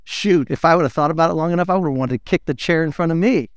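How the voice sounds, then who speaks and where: A man, preaching a sermon in an animated, playful storytelling way. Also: fairly high pitch, rapid-fire, no room sound, studio quality. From United States. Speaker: pastor.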